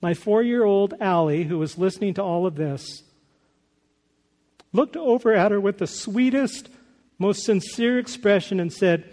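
A man preaching in a church, his voice pitched high for a man and carried by a long hall reverb. He speaks earnestly and rises to emphatic peaks as he builds each point. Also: measured pace, darkish tone. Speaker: pastor. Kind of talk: sermon.

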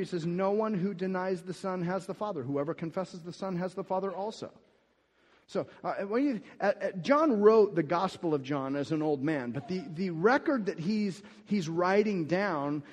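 Male pastor, high voice, sermon style; shifts from hushed reading to forceful preaching. Long hall reverb. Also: lively intonation, moderate pace. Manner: swings between soft scripture reading and loud emphatic preaching.

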